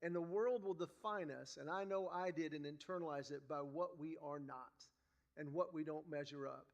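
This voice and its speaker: Guy with a pretty high voice preaching, storytelling style, acts out the dialogue. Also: normal speed. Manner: animated storyteller acting out dialogue. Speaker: guest preacher. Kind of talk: storytelling sermon. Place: church.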